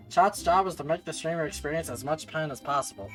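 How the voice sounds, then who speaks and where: A man's voice: fairly high pitch, fast talker, few pauses, fairly bright tone, faint music behind. A man streaming a game, joking with chat in casual commentary. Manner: joking, laughing, talks to chat.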